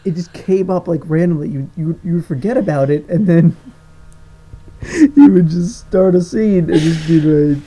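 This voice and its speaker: A man's voice: on the high side, animated, moderate pace, warm tone. A man co-hosting a casual movie review chat, rambling with stumbling restarts and frequent laughter. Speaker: podcast co-host.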